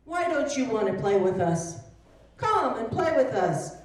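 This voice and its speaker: A woman doing a taunting bunny, high and bouncy. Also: big pitch swings, measured pace. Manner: teasing, boastful, mocking. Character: taunting young male wild bunny. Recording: roomy echo from a distant mic.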